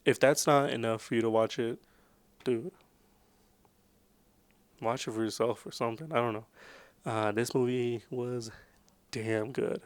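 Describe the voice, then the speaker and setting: A man in a loose, casual movie recap, rambling and full of fillers. His voice is smooth and resonant, recorded close and dry. His pitch sits in a plain middle range. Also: steady tone, measured pace, long pauses, no echo. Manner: rambling, filler-heavy, laid-back.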